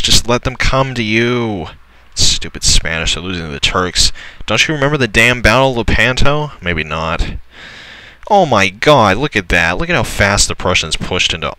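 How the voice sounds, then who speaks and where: A man's voice: low voice, sharp tone, rough recording. A young man commenting on a strategy game as he plays, grumbling and swearing at the computer opponents. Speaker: let's player. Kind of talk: gameplay commentary.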